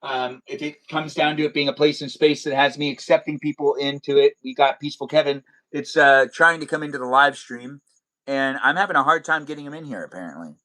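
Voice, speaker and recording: A man's voice: fairly high pitch, fairly quick, bright, forceful tone. A man hosting a casual live stream, chatty and welcoming, rambling a little as he talks with guests. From Armenian heritage.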